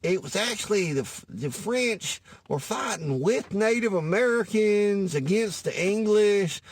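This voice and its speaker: A man's voice: high-pitched, animated, unhurried, slightly rough. A man from Louisiana with a Cajun accent, delivering a rambling, profane comedic monologue in a folksy way, often losing his thread. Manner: rambling, profane, loses his thread, says anyways a lot; folksy, calls listeners y'all.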